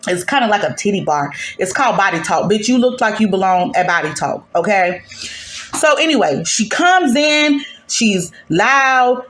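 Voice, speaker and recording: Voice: mid-range voice, lively intonation, moderate pace, a bit bright, reverberant. A host giving a casual gossip recap of a reality show in a sassy, profane, emphatic way.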